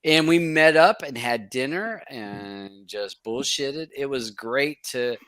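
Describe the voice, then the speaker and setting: A man hosts a loose, casual panel chat, his voice bright and forward, pitch bouncing up and down as he talks. He laughs often and drops swear words without a second thought. The sound is dry and close. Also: lively intonation, slow, dry recording. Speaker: host.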